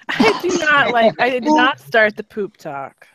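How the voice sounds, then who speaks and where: A woman's voice: a little high, very animated, slow pace, a bit bright, rough recording. A woman chatting casually on a live stream, laughing often and telling stories. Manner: laughing storyteller who mimics voices. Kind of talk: casual chat.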